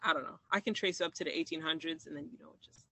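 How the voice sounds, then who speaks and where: A man's voice: fairly high pitch, rapid-fire, vocal fry, bright, forceful tone, husky, dry recording. A man from Maryland telling a personal story in an interview, reflective, with restarts and acted-out quoted dialogue. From Maryland, USA.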